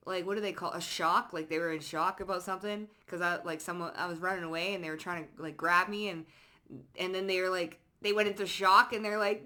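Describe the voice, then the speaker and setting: Bright-voiced, blunt, slangy woman tarot reader. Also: steady tone. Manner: slangy, blunt and profane, with quick laughs; jumps into acted-out quotes in a higher voice. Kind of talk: casual pick-a-card reading.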